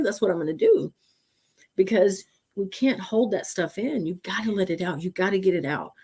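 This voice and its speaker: A woman's voice: on the low side, brisk. Preaching woman repeating her points. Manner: preachy, repeats phrases for emphasis. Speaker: podcast co-host. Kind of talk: faith-based podcast talk.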